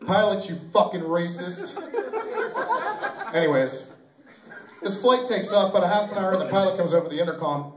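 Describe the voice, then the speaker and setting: A young amateur comedian tells a loose, rambling joke, stumbling and correcting himself as he goes. His voice sits high for a man and sounds distant and roomy, as if taped by a camcorder across a small club. An audience laughs faintly behind him. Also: normal speed, pauses often, background noise. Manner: rambling, loose and self-correcting, with lots of fillers. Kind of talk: stand-up routine at an open mic. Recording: echoey room taped from far off on a camcorder.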